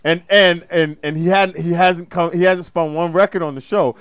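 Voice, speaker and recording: A man's voice: on the high side, steady tone, normal speed, a bit bright, smooth. A man hosting a radio show, chatting loosely in casual banter, often repeating himself and swearing. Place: radio studio.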